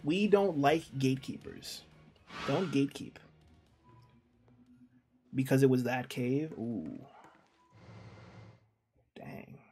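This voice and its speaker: Over soft background music, a man with a medium-pitched, dark-toned voice streams a video game, speaking slowly with lively intonation and long pauses. He chats casually and jokes with viewers as he plays, reading out their messages and talking to chat.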